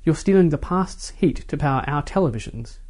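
Man reading a quiet, intense woman in a storybook, soft and steady. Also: fairly high pitch, brisk. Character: calm, piercing young woman accuser.

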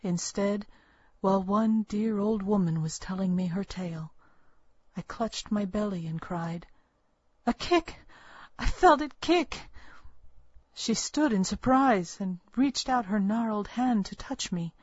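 A woman narrating a first-person story with a measured, earnest storytelling manner. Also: medium pitch, darkish tone, husky, dry recording. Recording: dull, lo-fi, dry recording.

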